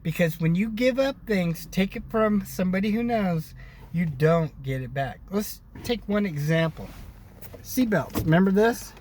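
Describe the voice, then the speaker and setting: A man's voice: high-pitched, expressive, unhurried, a little mellow, slight background noise. A man from the United States giving a ranting, repetitive opinion monologue to his viewers, calling them brothers and sisters. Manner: ranting, preachy, repeats himself. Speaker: video blogger. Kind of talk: casual opinion monologue to camera.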